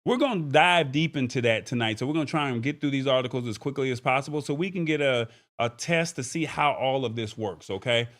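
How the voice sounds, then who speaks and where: A man's voice: mid-range voice, a little fast, hardly any pauses. A man hosts a live tech show in a casual, chatty way. He talks to his viewers directly, with an easygoing, conversational flow. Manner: relaxed, chatty, thanks viewers by name. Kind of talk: casual livestream chat.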